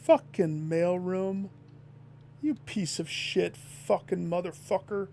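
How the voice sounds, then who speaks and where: A man with a high voice gives unhurried commentary while he plays a video game. He thinks out loud and talks to himself and his viewers as he works through his choices. Faint game music plays behind him. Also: gravelly. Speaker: game streamer. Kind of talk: gameplay commentary.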